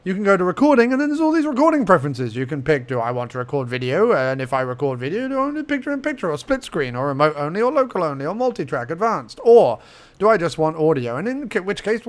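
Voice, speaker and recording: A fairly high-pitched young man talks through a casual software tutorial. He chats playfully, mutters to himself as he clicks around, and jumps to mock surprise at what he finds. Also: big pitch swings, fast. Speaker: podcast host giving a tutorial. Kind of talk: casual screen-recorded tutorial.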